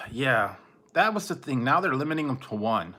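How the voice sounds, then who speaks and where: Male streamer, loose chatty ramble, quick to laugh. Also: mid-range voice, very animated, pushed and bright. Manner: rambling, laughs often, mimics people in goofy voices. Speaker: livestream host. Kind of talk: casual late-night livestream chat.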